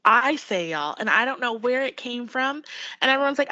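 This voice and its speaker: A woman's voice: a little high, fairly quick, bright, forceful tone, highs cut off. A woman with a West Coast Canadian accent, an actor chatting as a podcast guest, upbeat and full of fillers. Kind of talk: casual podcast interview.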